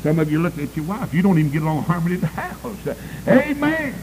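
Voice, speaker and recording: A man's voice: very animated, quick pace, a little mellow, a little hiss or hum, rough recording. A male preacher, delivering a fiery sermon and calling out to the congregation for amens. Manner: emphatic, swooping pitch, calls for amens.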